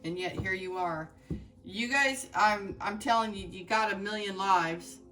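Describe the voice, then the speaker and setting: A woman's voice: mid-range voice, measured pace, a bit bright, recorded from a distance. A woman giving a heartfelt, emotional tarot reading, speaking straight to her viewers with many fillers and restarts. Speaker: tarot reader.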